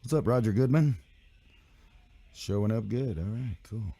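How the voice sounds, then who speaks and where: A man's voice: fairly low pitch, expressive, unhurried, dark tone, slightly rough, no echo. A man hosting a live radio show in loose, rambling, profane banter, his voice sick. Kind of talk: casual live stream and radio chat.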